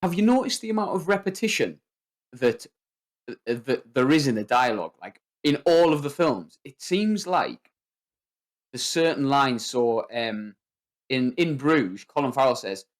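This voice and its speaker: A man's voice: mid-range voice, a little slow. Chatty man acting out movie lines. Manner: animated, acts out quoted movie lines. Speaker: podcast co-host. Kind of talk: casual film discussion.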